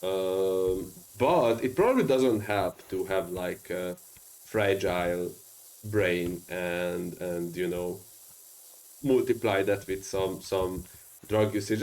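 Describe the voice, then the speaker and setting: A man's voice: low voice, lively intonation, unhurried, a little mellow, rough recording. A man with a strong non-native English accent, chatting casually and rambling with many fillers while streaming a game. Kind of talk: casual gaming stream chat.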